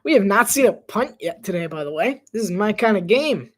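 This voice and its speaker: A man's voice: sits high, animated, brisk, a bit bright. A man doing casual live play-by-play commentary on his own, chatty and self-deprecating and laughing often. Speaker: solo sports commentator.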